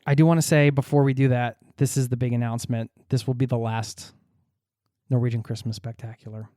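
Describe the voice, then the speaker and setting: A man's voice: medium pitch, level tone, fairly quick, mellow, dry recording, clean studio sound. A man hosting a podcast in casual chat, playfully teasing his co-host and laughing often.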